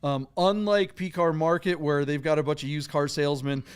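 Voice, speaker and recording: A middle-aged man co-hosting a podcast, chatty and animated in casual talk. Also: on the high side, moderate pace, smooth. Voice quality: chatty, animated, laughs easily. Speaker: podcast co-host. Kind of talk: casual chat.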